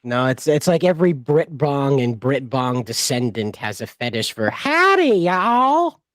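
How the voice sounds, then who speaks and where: A man's voice: medium pitch, steady tone, moderate pace, no room sound. A man chatting casually as a guest, joking and rambling. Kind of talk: casual chat.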